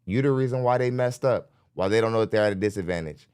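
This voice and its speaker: A man's voice: fairly low pitch, quick pace, darkish tone, smooth. A man hosting a live podcast, reacting bluntly to a clip and talking straight to his chat, often laughing between points. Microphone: studio mic.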